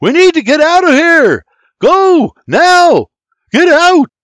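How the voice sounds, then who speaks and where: A man shouting as a frantic young man. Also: extremely high pitch, lively intonation, very slow, dry recording, voice pushed up, full character voice. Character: young man screaming to wake family in fire.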